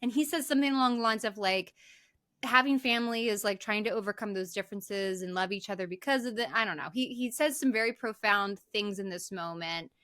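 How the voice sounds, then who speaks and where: A woman co-hosting a podcast, recapping a movie in animated casual chat, swearing freely and using lots of "like". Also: medium pitch, a little fast, dry recording, clean studio sound. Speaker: podcast co-host.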